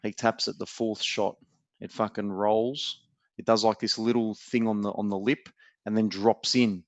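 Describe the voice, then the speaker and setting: A man's voice: fairly low pitch, little pitch movement, normal speed, no echo. An Australian man co-hosting a podcast, telling a teasing story in casual banter and swearing freely. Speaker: podcast co-host. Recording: dry, dull lo-fi sound.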